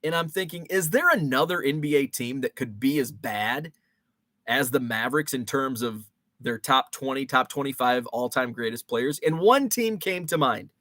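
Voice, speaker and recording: A man's voice: mid-range voice, animated, moderate pace, pushed and bright, no room sound. A man in his forties hosting a casual rambling monologue, thinking aloud with fillers and restarts. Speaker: show host. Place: home basement.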